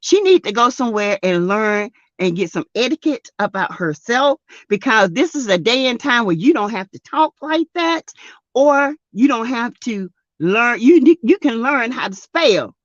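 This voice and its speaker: A woman with a Southern US accent hosting a casual live stream, greeting chatters by name and laughing loudly and often. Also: a little high, expressive, normal speed, no room sound, muffled recording. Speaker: YouTube live-stream host. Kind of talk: casual live-stream chat reading comments.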